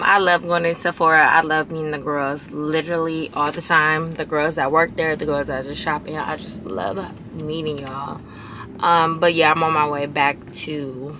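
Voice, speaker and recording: A young woman with a raspy voice, chatting excitedly in a casual vlog. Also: deep voice, background noise. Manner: chatty, excited, lots of fillers. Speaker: vlogger.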